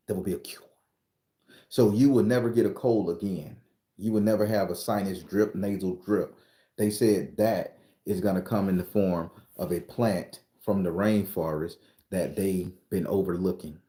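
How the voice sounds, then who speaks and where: Here a spiritual reader with a low, mellow voice shares his predictions in an echoey room. He talks loosely and emphatically, curses freely, and laughs often, like a casual vlogger.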